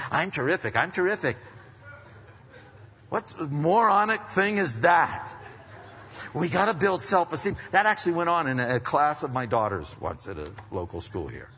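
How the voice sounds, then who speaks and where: A middle-aged man preaching a conversational sermon as pastor, swinging between loud emphasis and hushed asides. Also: fairly high pitch, breathy edge. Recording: dull sound with long hall reverb.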